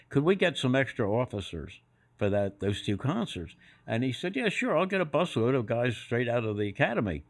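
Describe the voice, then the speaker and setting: An older man on a podcast as a guest, telling anecdotes and acting out other people's voices in quotes. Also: mid-range voice. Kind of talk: storytelling anecdotes.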